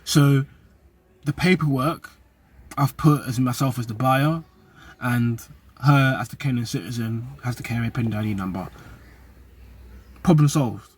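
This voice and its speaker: A young man talks to his camera in a loose, slang-heavy vlog monologue. His voice is husky and sits at an ordinary middle pitch. He keeps things animated and conversational, throwing in street phrases as he goes. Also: measured pace, pauses often. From UK and Nigeria. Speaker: vlogger.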